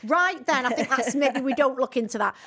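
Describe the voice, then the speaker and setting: A chatty woman co-hosting a podcast. She tells her stories in a cheeky, giggly way and keeps it all relaxed and casual. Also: high-pitched, brisk. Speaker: podcast co-host. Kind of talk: casual chat.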